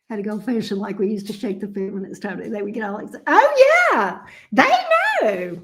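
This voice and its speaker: A woman's voice: medium pitch, very animated, moderate pace, long pauses. A middle-aged woman, chatting playfully with her viewers as a tarot reader and laughing often. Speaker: tarot reader hosting a livestream. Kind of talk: casual chat with viewers.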